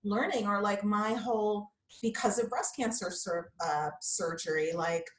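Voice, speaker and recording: A candid, chatty woman in her fifties, talking as a guest yoga instructor in a relaxed interview. She fills her speech with casual asides. The recording has a noticeable roomy echo. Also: mid-range voice, unhurried. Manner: candid, chatty, frequent likes and you-knows.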